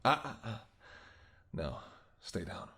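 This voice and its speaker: A man playing a smug, low-voiced seductive vampire. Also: very animated, takes it slowly, exaggerated voice. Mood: teasing. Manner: soft, teasing, seductive murmur. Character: flirtatious predatory male vampire, teasing and smug. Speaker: voice actor. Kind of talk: whispered role-play.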